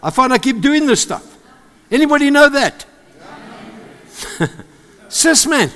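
A man with a South African accent preaching a sermon, animated and joking with the congregation. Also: extremely high pitch, takes it slowly. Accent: South African English. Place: church service with congregation. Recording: long hall reverb.

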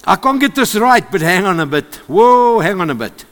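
A man with a South African accent preaching a sermon, animated and joking with the congregation. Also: high voice, moderate pace. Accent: South African English. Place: church service with congregation. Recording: long hall reverb.

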